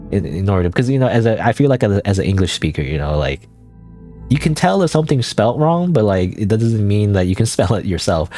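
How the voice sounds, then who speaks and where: A man's voice: on the low side, big pitch swings, fast, dark tone, faint music behind. A man streaming a game, chatting casually in a rambling way full of fillers and self-corrections. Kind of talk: casual let's-play commentary.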